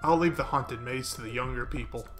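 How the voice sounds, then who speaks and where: A man reading the lines of a timid, caring mother in a farming game, gentle and plain. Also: medium pitch, fairly quick, music in the background, voice pushed down, lightly acted.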